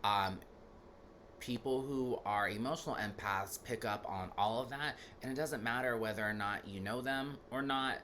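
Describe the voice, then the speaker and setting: A man's voice: mid-range voice, normal speed, bright, forceful tone, slight background noise. A man giving a casual, rambling talk as a spiritual teacher, full of fillers, who laughs now and then while telling stories.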